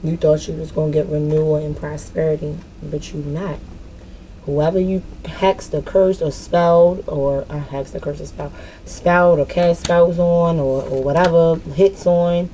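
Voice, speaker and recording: Woman card reader, low mellow voice, blunt and profane, light hiss behind. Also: moderate pace, rough recording. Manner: cursing, expressive and frank. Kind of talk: casual spiritual reading.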